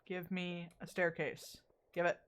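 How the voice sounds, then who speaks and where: A woman's voice: on the low side, completely flat delivery, a little slow, clear, resonant tone. A woman streamer chatting casually while playing a game, often exasperated, rambling and swearing at it. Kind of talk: casual gameplay chat.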